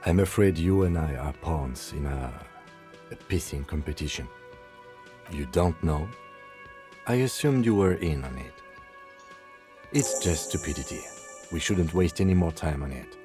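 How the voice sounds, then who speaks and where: A calm, precise police lieutenant. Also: male voice, extremely low pitch, measured pace, pauses often, soft background music. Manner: composed, precise, dry. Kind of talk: video game voice acting.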